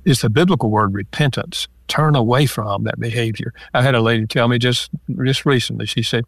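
Calm explaining man, dry close sound. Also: mid-range voice, a little fast, creaky, hardly any pauses, dry recording. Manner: calm, explanatory, gives examples. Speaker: author and marriage counselor guest. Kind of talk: interview conversation.

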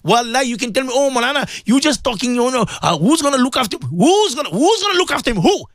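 A man's voice: very high voice, sing-song, fast, fairly bright tone, dry recording, studio quality. A man presenting a religious radio show, speaking fervently and pleading, often repeating himself. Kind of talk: emotional religious radio talk.

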